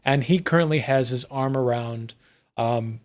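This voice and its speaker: A man's voice: mid-range voice, a little slow. A man narrating as game master of a tabletop game, rambling and laughing often.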